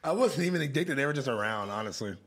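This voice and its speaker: Young male podcast co-host, husky, mid-pitched, loose and profane. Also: animated, fast, a bit bright. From Los Angeles area. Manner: profane, slangy, laid-back storytelling. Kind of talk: casual chat.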